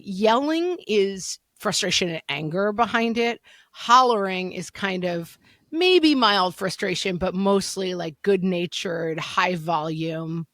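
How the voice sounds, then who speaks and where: A woman in her forties co-hosting a podcast in casual chat, telling animated stories and acting out loud quoted voices. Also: mid-range voice, dry recording, clean studio sound. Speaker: podcast co-host.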